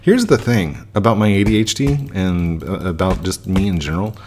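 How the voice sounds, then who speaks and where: A man's voice: low voice, expressive, normal speed, a little mellow, slight background noise. A man in his thirties talking casually and reflectively while playing a game, often restarting his sentences. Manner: reflective, frequent restarts and fillers. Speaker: gaming YouTuber.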